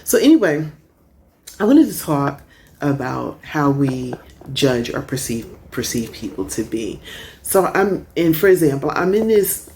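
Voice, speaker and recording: A middle-aged woman chatting and telling stories in a casual vlog, recorded outdoors on a porch. She is animated and laughs often. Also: extremely low pitch, slight background noise. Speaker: vlogger.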